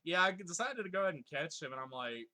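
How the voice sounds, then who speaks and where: A man's voice: a little high, expressive, fast talker, pushed and bright. A man casually commenting on his gameplay and reading chat aloud, swearing freely, laughing often and joking in mock exasperation. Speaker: live streamer.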